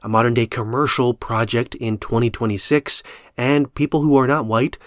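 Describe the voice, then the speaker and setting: A man's voice: mid-range voice, steady tone, normal speed, no echo, studio quality. A man commenting casually on a film trailer, talking things through with frequent ums and uhs.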